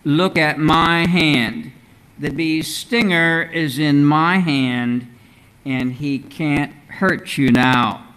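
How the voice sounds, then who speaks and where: A man voicing a gentle father calming his scared little daughter, in a soft, reassuring way. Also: on the high side, extremely slow, clean tone.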